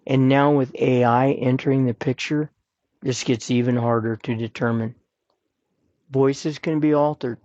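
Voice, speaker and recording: A man's voice: mid-range voice, fairly even intonation, a little slow, darkish tone, no room sound, lo-fi sound. A man hosting a podcast, giving earnest, plain-spoken advice and repeating his points for emphasis. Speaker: podcast host. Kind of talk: personal advice talk.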